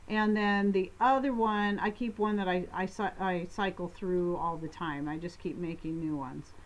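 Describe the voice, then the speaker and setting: A woman's voice: on the low side, steady tone, highs cut off. A woman co-hosting a homestead live-stream Q&A, chatting casually, rambling and breaking off mid-thought with small laughs. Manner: rambling, self-interrupting, quick laughs. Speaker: co-host of a homestead live show.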